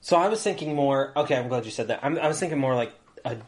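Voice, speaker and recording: A man's voice: mid-range voice, fast. A man co-hosting a podcast in casual chat, stopping and repeating words as he builds his point. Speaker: podcast co-host.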